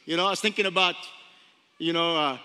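A man in his thirties preaching a sermon as pastor, chatty and storytelling, repeating phrases and slowing down for emphasis. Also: a little high, fairly even intonation, pushed and bright, smooth. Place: church sanctuary. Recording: long hall reverb.

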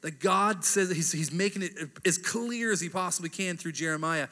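A man in his thirties delivers a relaxed, talky sermon, tagging his points with "right?". His voice is bright and a bit high. It rings through a large church hall with a long echo. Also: normal speed. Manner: chatty, keeps asking "right?". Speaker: pastor. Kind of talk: casual conversational sermon.

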